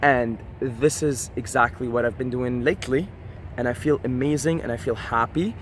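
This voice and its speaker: A man's voice: medium pitch, normal speed. Man, casual vlog monologue, passionate, profane, faint city traffic noise. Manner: passionate, profane, repeats "right?". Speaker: vlogger. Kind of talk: casual motivational monologue to camera.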